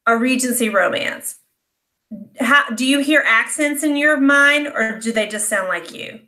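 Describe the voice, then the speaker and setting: A woman from South Carolina, chatting casually as a podcast co-host about books and tossing in quick joking asides. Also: sits high, bright, forceful tone. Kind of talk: casual book discussion chat.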